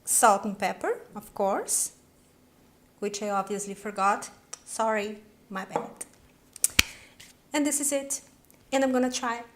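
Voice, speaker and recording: A woman hosting her own cooking video, chatty and excitable, demonstrating a recipe with frequent exclamations. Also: mid-range voice, takes it slowly, pauses often, a little hiss or hum. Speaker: cooking channel host.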